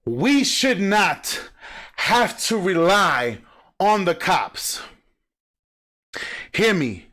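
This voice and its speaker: A man hosting a reaction video, talking emphatically and acting out sounds and quotes in animated commentary. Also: high voice, takes it slowly, pauses often.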